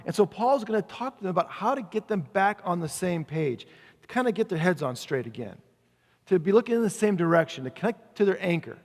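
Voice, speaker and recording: A man preaching a sermon in a casual, conversational way, slowing down to read scripture aloud. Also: high-pitched, lively intonation. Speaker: pastor. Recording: long reverb of a large hall.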